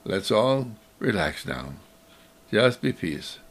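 A gentle, patient mother, as a man puts her on in a spoken parable. She talks in a soft, hushed, coaxing way, with a gravelly texture under the quiet voice. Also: medium pitch, very animated, moderate pace, heavily acted. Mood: soothing.

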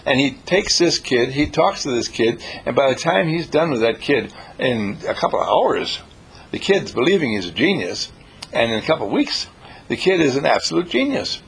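Gravelly husky guy telling inspirational stories, voice jumps all over, hammers the same lines again and again. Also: mid-range voice, normal speed. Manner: animated, repetitive, emphatic storyteller. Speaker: speaker. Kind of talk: inspirational storytelling talk.

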